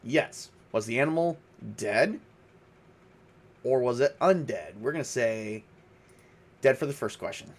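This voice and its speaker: A man running a solo tabletop horror game, rolling questions and narrating the results. He talks casually and thinks aloud, with frequent pauses and fillers. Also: medium pitch, lively intonation. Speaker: game master and solo player.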